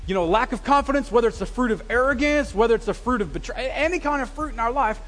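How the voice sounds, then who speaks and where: A man preaching a sermon as pastor, telling stories with lively, self-deprecating humor. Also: very high voice, quick pace. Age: adult with a wife, past graduate study. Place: church sanctuary. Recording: long reverb of a church hall.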